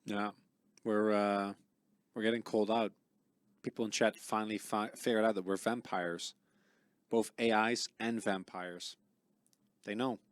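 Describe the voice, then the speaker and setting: A man's voice: lowish voice, little pitch movement, a little slow, pauses often, dry recording. A male esports co-caster bantering in a teasing, goofy way. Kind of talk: casual broadcast banter.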